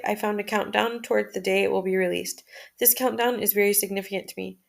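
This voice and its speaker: A woman reading a personal journal aloud in the first person, at a steady, measured pace with occasional restarts. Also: mid-range voice, gravelly.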